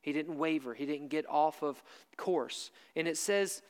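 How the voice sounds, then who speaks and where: A preacher's high, smooth and resonant voice carries a lengthy reverb, suggesting a large church hall. During his sermon he lingers on key lines, repeating them slowly and firmly.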